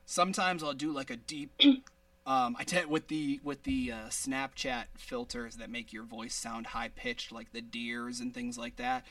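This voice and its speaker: A man's voice: mid-range voice, vocal fry, pushed and bright, far from the mic. A man hosting a podcast over a video call, rambling casually and laughing at himself. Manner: rambling, self-deprecating, quick to laugh. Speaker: podcast host.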